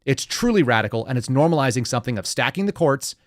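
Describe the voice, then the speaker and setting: A man's voice: medium pitch, animated, fast, no room sound, clean studio sound. A man hosting a podcast, giving heated, sarcastic and profane political commentary. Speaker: podcast host.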